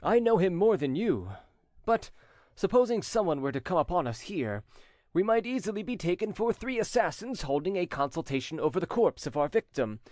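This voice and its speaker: A man voicing a calm, courteous stranger who speaks in a measured, steady way. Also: high voice, no echo, clean studio sound, pitched above the performer's own voice.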